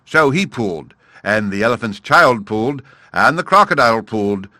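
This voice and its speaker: A man's voice: medium pitch, lively intonation, moderate pace, bright, forceful tone, no room sound, studio quality. A man narrating a classic storybook aloud, addressing his listener fondly as he tells the tale. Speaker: audiobook narrator.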